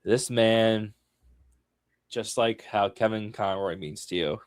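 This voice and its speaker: A man co-hosting a casual podcast, talking slowly and with enthusiasm about his favorite voice actor. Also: lowish voice, no echo. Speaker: podcast co-host.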